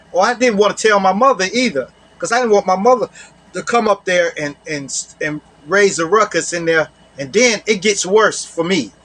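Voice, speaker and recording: A man's voice: high voice, fairly bright tone. A man casually telling a personal story to camera. He often repeats his phrases and adds "you know.".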